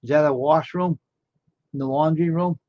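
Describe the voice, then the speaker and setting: On a live stream, a man with a slightly high, somewhat mellow voice chats casually at a moderate pace with fairly even intonation. He rambles in amazement and fires off question after question. The recording is dry, dull and lo-fi.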